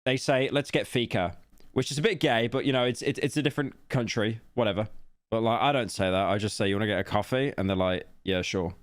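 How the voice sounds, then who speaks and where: A man's voice: fairly low pitch, fast, no room sound, clean studio sound. A man streaming casually, reacting to a video with blunt, crude, rambling remarks.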